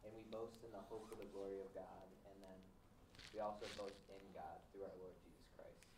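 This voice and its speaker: A man's voice: low-pitched, flat delivery, brisk. A man in a Bible study group asking a hesitant question, recorded from across the room. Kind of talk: casual group discussion. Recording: echoey room, far from the mic, noisy.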